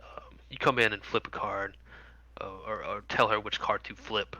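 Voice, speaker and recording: Crisp-voiced man narrating as game master. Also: fairly low pitch, fairly even intonation, moderate pace, bright, forceful tone, no room sound, lo-fi sound. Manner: vivid description with frequent fillers. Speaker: dungeon master.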